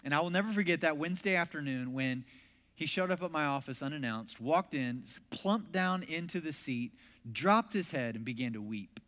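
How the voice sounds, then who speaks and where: A male pastor tells a story from the pulpit, slipping into animated voices for the people he quotes. His voice sits a little high for a man. The sound carries a long reverb from a big church hall. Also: moderate pace. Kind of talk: storytelling sermon.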